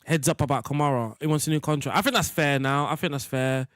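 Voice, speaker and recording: A man's voice: a little high, fast, a bit bright, no echo, clean studio sound. A young man giving rambling, jokey commentary while playing a football management game. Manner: rambling, jokey, talks to chat. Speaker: gaming streamer. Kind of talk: casual gameplay commentary.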